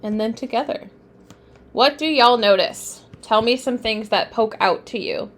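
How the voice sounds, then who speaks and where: A woman's voice: a little high, measured pace. A young woman teaching tarot on a live stream, chatting with viewers, often laughing and getting sidetracked. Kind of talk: casual live-stream lesson.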